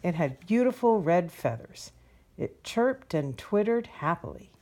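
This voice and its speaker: Gentle, low, mellow woman reading a picture book aloud. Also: a little slow. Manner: gentle, expressive read-aloud. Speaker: storyteller.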